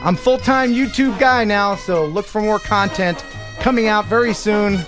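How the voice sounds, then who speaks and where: A man's voice: high voice, a bit bright, soft background music. Upbeat man hosting a live show. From United States. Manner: upbeat, chatty, quick to laugh. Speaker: host of a live drone show. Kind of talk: casual live-stream chat.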